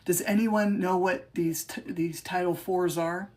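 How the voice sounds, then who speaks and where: A podcast host on a livestream, this woman has a warm, steady voice on the low side. She reads her rhyming poems aloud with emphatic rises and chats haltingly and informally between them.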